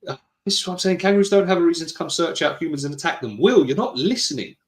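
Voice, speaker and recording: Rapid-fire and fairly high-pitched, a man from Britain co-hosts a podcast in an echoey room. He casually reads the live chat while teasing and squabbling with his co-host, laughing frequently.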